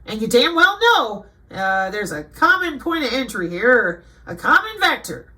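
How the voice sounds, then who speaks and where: A woman's voice: on the high side, very animated, measured pace, pushed and bright, poor audio. A woman reading aloud from a web page and commenting, indignant and lecturing at times. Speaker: online commentator.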